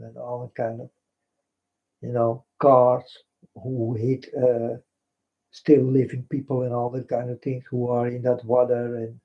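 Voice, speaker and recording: Slow husky man with Dutch accent. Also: medium pitch. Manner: repetitive, keeps addressing his folks, broken English. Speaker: vlogger. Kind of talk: rambling spiritual monologue. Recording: dull lo-fi recording.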